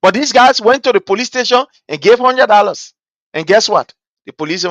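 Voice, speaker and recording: His voice sits high, expressive and a bit bright, moving fairly quickly as this Liberian man hosts a political talk show in Liberian English. He offers impassioned commentary loaded with rhetorical questions, repeated points and "guess what," captured in a dry recording.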